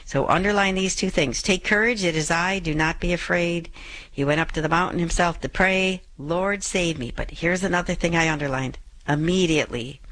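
A woman's voice: low-pitched, a bit bright. Earnest middle-aged woman reflecting on scripture. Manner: earnest, repeats scripture phrases for emphasis. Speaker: radio show host. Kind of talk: spoken Bible reflection.

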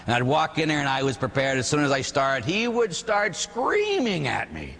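A man from the Pittsburgh area, a Catholic priest, preaching a sermon with lively storytelling and frequent tag questions. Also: a little high, normal speed, creaky, few pauses. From Pittsburgh area, United States. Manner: animated storytelling, acting out quoted voices, tag questions. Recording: echoey hall with faint hum.

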